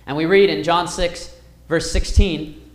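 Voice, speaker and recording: A man teaching a Bible class, reading verses aloud and retelling the story with wide swings in loudness. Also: a little high, fairly even intonation, unhurried. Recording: echoey room.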